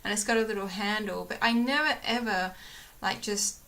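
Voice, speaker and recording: Bright-voiced chatty woman vlogger. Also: medium pitch, normal speed. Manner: rambling, lots of ums, gets emotional retelling stories. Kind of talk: casual chat.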